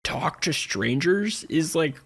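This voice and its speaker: Gravelly, husky male co-host. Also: a little high, animated, a bit bright. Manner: agreeable, quick with affirmations. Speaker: podcast co-host. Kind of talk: casual chat.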